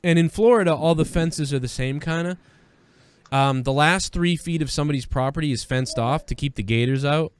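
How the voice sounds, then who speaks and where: A man's voice: fairly high pitch, a little fast, clean tone. A man hosting a live news-reaction stream, talking in a rambling, profane, conversational way. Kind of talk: casual live-stream commentary.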